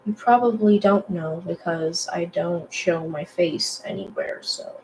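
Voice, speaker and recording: A young woman chatting casually while she draws, rambling with lots of fillers and self-deprecating asides, in a low morning voice. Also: a little slow, darkish tone, slight background noise, rough recording. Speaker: digital artist vlogger. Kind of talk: casual chat while drawing.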